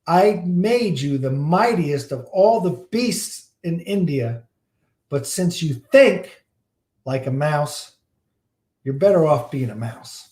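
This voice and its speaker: A man's voice: a little high, lively intonation, slow, a little mellow, roomy sound. A man voicing a weary, all-powerful male magician who speaks in a dry, matter-of-fact way in a fable. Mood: dismissive.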